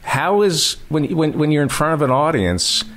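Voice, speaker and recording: A man's voice: on the high side, sing-song, normal speed, fairly bright tone. A man hosting a casual interview, asking teasing, provocative questions. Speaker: podcast host.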